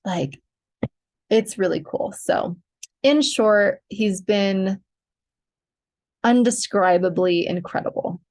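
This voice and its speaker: A woman's voice: mid-range voice, slow pace, long pauses, darkish tone. A young woman chatting casually to her viewers about her pregnancy, talkative with lots of fillers and little laughs. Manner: chatty, many fillers, giggly. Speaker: podcast host sharing pregnancy updates.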